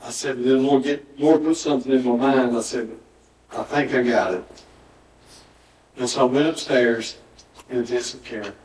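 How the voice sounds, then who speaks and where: A man preaching a sermon, voice sitting at an ordinary middle pitch. He tells his stories by acting out the dialogue and repeating words for emphasis. The sound is roomy and a little distant, picked up in a church sanctuary. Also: normal speed, pauses often, darkish tone. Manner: storytelling, quoting dialogue with emphatic repetition. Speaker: pastor.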